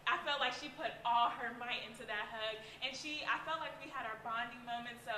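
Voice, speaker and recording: A woman's voice: on the high side, a little fast, sharp tone, slight background noise. A young woman answering interview questions in a chatty way, full of fillers. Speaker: interviewee, youth award winner. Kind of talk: casual interview chat. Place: conference venue. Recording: echoey room.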